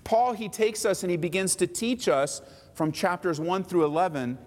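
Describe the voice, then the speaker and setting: A man preaching a sermon as a pastor, lively and acting out mocking voices of others. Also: sits high, normal speed, big-room sound.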